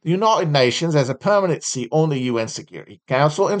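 A man's voice: mid-range voice, animated, quick pace, hardly any pauses. A man hosting a solo podcast, reading out trading cards and mocking them with sardonic, profane, rambling asides. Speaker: podcast host.

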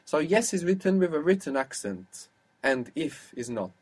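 A man's voice: a little high, sing-song, moderate pace, darkish tone, breathy edge. A man teaching a language lesson, patiently asking questions and explaining rules step by step.

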